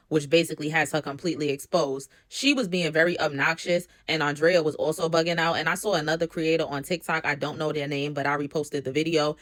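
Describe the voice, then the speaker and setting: A woman's voice: sits low, no room sound, studio quality. A woman giving a casual recap of a reality show, chatty and incredulous, with pointed asides. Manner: chatty, incredulous asides, quotes others with slang.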